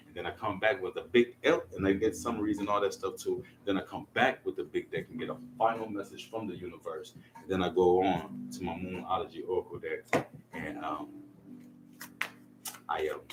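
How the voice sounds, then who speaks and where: A man with a deep voice gives a casual tarot reading to camera, rambling in a laid-back, slangy way. A lo-fi music playlist plays behind him, and the background is noisy.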